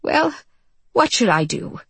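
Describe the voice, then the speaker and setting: Woman doing a storybook manservant, high and light, polite, amused, unflappable. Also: very animated, slow, fairly bright tone, husky, dry recording, exaggerated voice. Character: cheerful, unflappable male servant, amused by his master.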